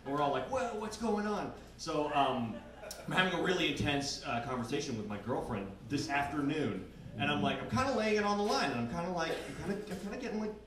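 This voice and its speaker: A man's voice: on the high side, lively intonation, fast, fairly bright tone. A young man doing a stand-up comedy set in a bar basement, rambling and self-deprecating, full of "like" and swearing. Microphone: handheld recorder out in the room. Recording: echoey basement, distant recorder, faint room noise.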